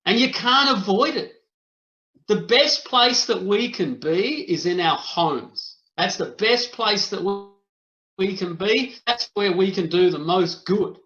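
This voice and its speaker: Man, high bright voice, heated debate, interrupting, emphatic, roomy echo, dull lo-fi sound. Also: animated, slow pace. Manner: forceful, interrupting, emphatic repetition. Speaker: podcast guest debater.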